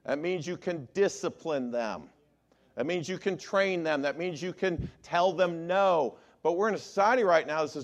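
A man's voice: fairly high pitch, moderate pace. A man who preaches as an attorney, often polling his listeners with "how many believe" questions. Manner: animated, asks the crowd show-of-hands questions. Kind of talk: sermon to a congregation.

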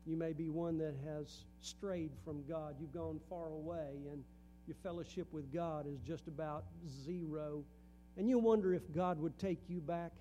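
A man's voice: on the high side, normal speed, warm tone, soft background music. A middle-aged man preaching a sermon in a church, earnest, with a rising and falling preaching cadence. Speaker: pastor. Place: church sanctuary.

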